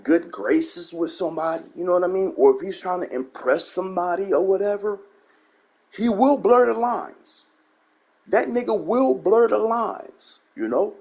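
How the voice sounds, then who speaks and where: A man with a high-pitched, slightly breathy voice hosts his gaming channel with a commentary monologue. He rants bluntly and profanely, repeating catchphrases like "you know what I'm saying".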